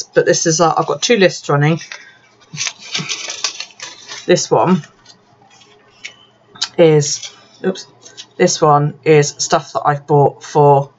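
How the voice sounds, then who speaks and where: A tipsy woman chatting casually as she works on her journal, swearing and laughing often. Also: low voice. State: tipsy, drinking. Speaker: bullet journal vlogger. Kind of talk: casual chat while crafting. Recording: dull lo-fi sound, faint background noise.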